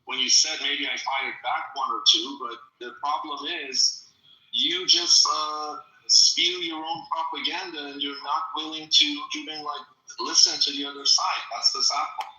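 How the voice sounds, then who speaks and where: A man's voice: a little high, moderate pace, pushed and bright, echoey room, poor audio. A man with a Persian accent arguing in a heated online debate, mocking and insisting he is polite. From Iran. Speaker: debate participant.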